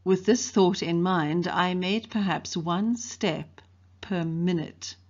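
Reading a novel to her class, a female English teacher from South Africa brightens and livens her delivery whenever characters speak. She talks slowly in a low-leaning voice, and the sound is lo-fi.

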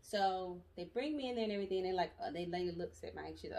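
A young adult woman telling her story in a casual, animated vlog, chatty and full of asides. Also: lowish voice, very fast, a little hiss or hum. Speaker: vlogger. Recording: voice distant from the mic.

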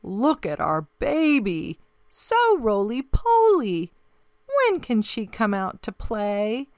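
Woman doing happy zoo animals in a storybook, lively and bouncy. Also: fairly high pitch, slow, no echo, heavily acted. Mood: eager. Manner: eager and cheerful. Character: chattering crowd of eager zoo animals. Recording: dry, slightly dull recording.

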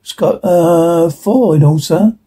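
Brief: man reading a male engineer reporting, husky, high voice. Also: slow, mellow. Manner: reporting to a superior. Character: dutiful male ship engineer.

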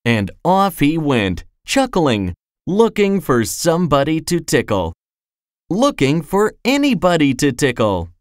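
A storyteller reading a children's storybook aloud in a slow, expressive way. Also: medium pitch, dry recording. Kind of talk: scripted storybook narration.

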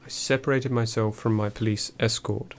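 A man reading a first-person memoir audiobook in a measured, dry storytelling manner. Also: lowish voice, fairly even intonation, slight background noise. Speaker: audiobook narrator.

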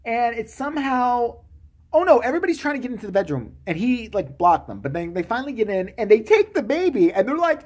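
A man's voice: extremely high pitch, sing-song, fast talker. A man giving a comedic, sarcastic movie-review rant, swearing freely and acting out the characters' lines.

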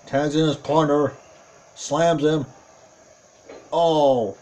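A man calling a tag team wrestling match play by play, excitable, with frequent exclamations and self-corrections. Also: a little high, drawn-out words, long pauses. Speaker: wrestling commentator. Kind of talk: play-by-play commentary.

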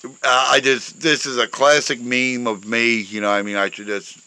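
A man with a bright, forceful voice rambles through casual commentary outdoors. He talks loud and outspoken, with frequent chuckles. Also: mid-range voice, level tone, normal speed, smooth, dry recording, low-quality recording. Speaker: show host showing memes and pictures. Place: outdoors in a breeze.

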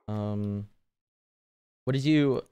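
A man's voice: on the low side, extremely slow, warm tone, clean tone. A man in his twenties streaming a game, chatting casually with lots of profanity, teasing and laughter. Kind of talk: casual live-stream chat while gaming.

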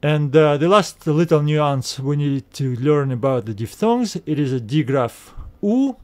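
Male teacher, a bit high-voiced, slow and careful, repeats each sound, dry close recording. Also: animated, dry recording. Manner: frequent "uh" fillers. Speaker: Greek teacher. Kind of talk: recorded video lesson.

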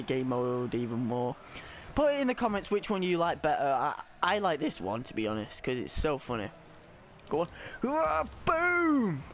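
A young man giving live, excitable commentary on his own gameplay, often shouting and squealing as his voice cracks high. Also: a little hiss or hum. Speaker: gaming YouTuber.

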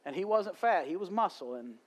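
High-voiced fervent male preacher. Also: animated, brisk. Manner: storytelling, rising to fervent preaching. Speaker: pastor. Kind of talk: sermon. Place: church service.

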